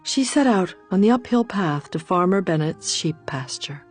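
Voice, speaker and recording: A woman reading a children's storybook aloud in an expressive, deliberate way. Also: on the low side, husky, faint music behind. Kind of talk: storybook narration.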